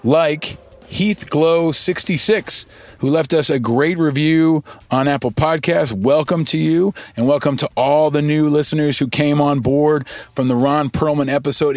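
A middle-aged man hosting a podcast, reading listener shout-outs in an upbeat, emphatic way and repeating lines for effect. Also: fairly high pitch, dry recording. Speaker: podcast host.

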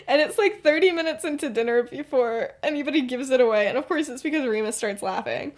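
Chatty woman, higher voice. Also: fast talker. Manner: rambling, filler-heavy, often laughing. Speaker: podcast co-host. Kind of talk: casual storytelling chat.

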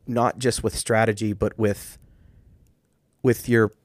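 A man's voice: lowish voice, level tone, slow pace, dry recording. A man co-hosting a podcast, telling coaching stories in casual chat with thoughtful restarts. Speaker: podcast co-host.

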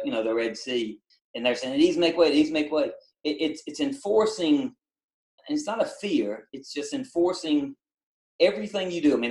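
A middle-aged man, a basketball coach and ex-Army drill instructor, speaking with a country-tinged voice and explaining things in a plain, steady way as a podcast guest. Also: mid-range voice. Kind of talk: casual podcast interview. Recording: roomy echoey sound.

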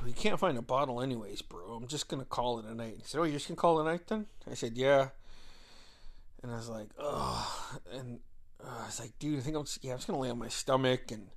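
A man's voice: medium pitch, a bit bright. Laid-back swearing man telling a story. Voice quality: heavy swearing, laughs often. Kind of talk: casual profane storytelling.

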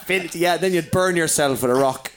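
A man's voice: fairly high pitch, a little fast, music in the background. A man in his forties, a comedian, telling crude childhood stories in casual chat, swearing freely, laughing and mimicking his parents. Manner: swearing, laughing storyteller who mimics people.

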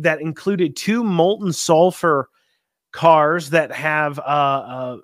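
A man's voice: a little high, a bit bright, no echo, studio quality. A man hosting a conservative radio talk show, rambling folksily with many ums and restarts. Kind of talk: casual political talk radio.

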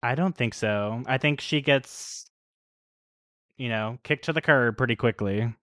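A man trading easy banter in a podcast chat about a TV episode, laughing often. His voice sits at a middle pitch for a man. The sound is close and dry. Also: a little slow, fairly bright tone, no room sound. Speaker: podcast co-host. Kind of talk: casual TV commentary chat.

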